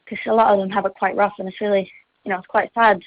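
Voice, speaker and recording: A woman's voice: mid-range voice, flat delivery, fast talker, dry recording. Chatty teenage girl on a phone line. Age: teens. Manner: bubbly, chatty, lots of fillers and giggles. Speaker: singer being interviewed. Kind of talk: casual chat. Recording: phone line, dull and dry.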